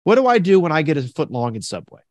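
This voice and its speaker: A man's voice: fairly high pitch, big pitch swings, fast talker, no echo. A man hosting a podcast in casual chat, telling stories animatedly and acting out other people's lines. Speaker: podcast host.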